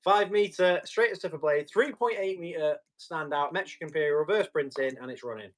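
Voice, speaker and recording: A man's voice: on the high side, fairly quick. Chatty man selling tools on a live stream. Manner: chatty, reads out and answers viewer comments; describes items while testing them. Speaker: live-stream tool seller. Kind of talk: casual live auction chat.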